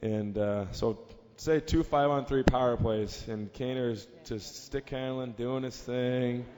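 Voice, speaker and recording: A man, a team captain on a fan panel, telling a lively anecdote, laughing and acting out the shouting. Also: mid-range voice, slow pace. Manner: lively storyteller, laughs at own story, acts out yelling. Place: stage in a large convention hall. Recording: reverberant hall with ambient noise.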